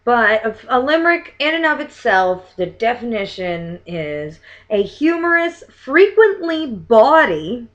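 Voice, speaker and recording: Animated young woman vlogger reading limericks. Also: a little high, lo-fi sound. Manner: theatrical sing-song reading with muttered asides. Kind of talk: casual vlog, reading limericks aloud.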